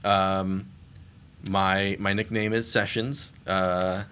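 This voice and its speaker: A man's voice: sits low, little pitch movement, takes it slowly, sharp tone, a little hiss or hum. A man co-hosting a casual beer podcast, laughing often and talking with many fillers and restarts. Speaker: podcast co-host. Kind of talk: casual chat.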